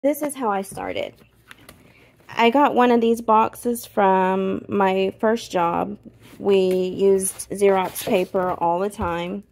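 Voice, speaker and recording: A woman's voice: mid-range voice, steady tone, takes it slowly, vocal fry, darkish tone. A woman, talking in a casual, heartfelt and emotional way as she films her own vlog, tired after a long day of work. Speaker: vlogger.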